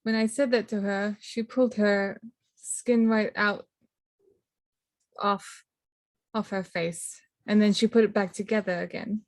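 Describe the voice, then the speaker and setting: A woman player in a tabletop role-play, speaking quickly and reassuringly, partly in character. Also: mid-range voice, steady tone.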